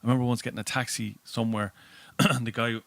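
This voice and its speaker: A man's voice: mid-range voice, quick pace, no room sound. An Irish man, a guest comedian, telling anecdotes in casual chat and acting out the voices of people in them. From Ireland. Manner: animated storyteller, acts out voices.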